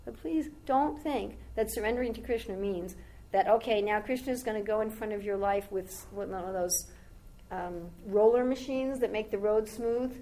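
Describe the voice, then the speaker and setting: A woman's voice: mid-range voice, moderate pace, hardly any pauses, warm tone, low-quality recording. A woman giving a devotional talk as a spiritual teacher, telling a long story in a rambling, conversational way with asides to her listeners.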